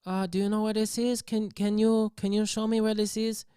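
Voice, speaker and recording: A man's voice: high-pitched, flat delivery, warm tone, clean tone, no room sound, studio quality, pitched above the performer's own voice, lightly acted. Brief: lost, hesitant delivery driver woman, put on by a male comic, stammering and unsure. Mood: flustered, unsure. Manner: halting, full of ums and uhs.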